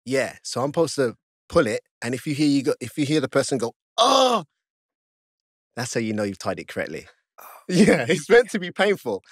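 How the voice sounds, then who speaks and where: A man guest on a podcast, telling a story in casual chat, laughing often and jumping high in pitch as he acts out his own panic. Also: animated, fast talker, slightly rough, dry recording, studio quality. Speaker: podcast guest, stripper and fighter.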